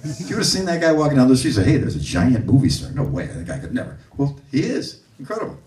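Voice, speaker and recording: A man giving a music clinic to a live audience, an animated storyteller who acts out the people he quotes. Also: mid-range voice, fast. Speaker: bass clinician. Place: room with an audience. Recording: roomy audio from a distant mic.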